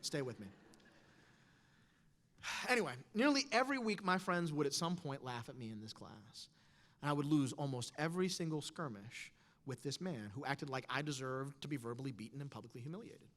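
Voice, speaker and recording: Male speaker, thirties, wry and animated storyteller; long hall echo. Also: medium pitch, fairly quick. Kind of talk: storytelling talk on stage.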